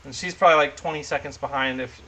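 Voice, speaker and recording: Bright-voiced, rambling male game master. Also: mid-range voice, fairly even intonation, fast talker, low-quality recording. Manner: rambling, filler-heavy narration. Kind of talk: narrating a tabletop game.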